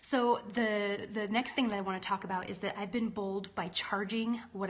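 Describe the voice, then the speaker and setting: A woman's voice: mid-range voice, steady tone, normal speed, hardly any pauses. A woman in her thirties, a leadership coach, talking casually and candidly to livestream viewers and often checking in with "right?". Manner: chatty and candid, with frequent "right?" asides. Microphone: phone or laptop livestream.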